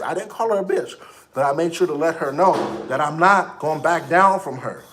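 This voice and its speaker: A man in his thirties telling casual stories, animated, acting out other people's lines. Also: high-pitched, brisk, echoey room. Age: 30s. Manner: animated, quoting people in raised voices. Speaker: vlogger. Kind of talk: casual storytelling.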